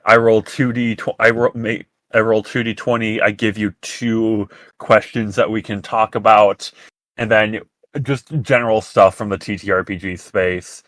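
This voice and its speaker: A man hosting a casual podcast chat, rambling with halting restarts. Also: on the low side, little pitch movement, a bit bright, no echo. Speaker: podcast host.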